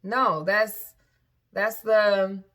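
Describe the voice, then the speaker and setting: A woman's voice: mid-range voice, steady tone, drawn-out words, fairly bright tone. A woman vlogger and parent talking casually to camera, candid and frank, often stopping to backtrack and restart.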